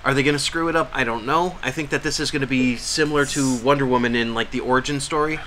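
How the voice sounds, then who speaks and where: A man's voice: mid-range voice, fast, pushed and bright, slight background noise. A man co-hosting a podcast in casual, jokey, rambling chat. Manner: rambling, jokey, lots of fillers. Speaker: podcast co-host.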